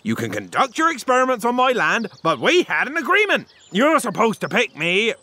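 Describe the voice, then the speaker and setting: A man's voice: very high voice, huge pitch swings, fairly quick, sharp tone, heavily acted. A man playing a scornful landowner. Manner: mocking, exasperated. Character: gruff, scornful male English landowner.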